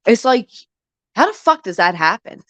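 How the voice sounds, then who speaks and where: A woman's voice: a little high, big pitch swings, a bit bright, no echo. Profane, emotional woman hosting a live stream. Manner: candid, emotional and profane, shifts quickly between sappy and indignant. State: recovering from the flu. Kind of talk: casual live-stream chat, reading and answering chat.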